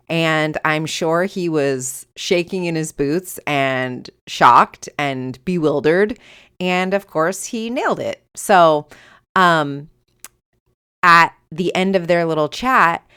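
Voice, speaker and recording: A middle-aged woman hosting a podcast, telling a personal story in an animated way and acting out the dialogue. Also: deep voice, clean tone. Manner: animated, acts out quoted dialogue. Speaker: podcast host.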